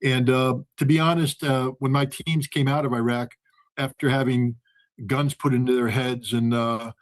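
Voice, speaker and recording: A man's voice: medium pitch, steady tone, moderate pace. A man, a former weapons inspector and ex-Marine, telling a story in conversation and acting out the dialogue.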